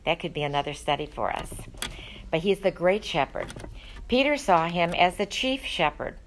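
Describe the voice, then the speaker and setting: Woman leading bible study, lowish voice, earnest and chatty w lots of ums. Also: expressive, moderate pace, a little hiss or hum, low-quality recording. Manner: conversational and earnest, with frequent fillers.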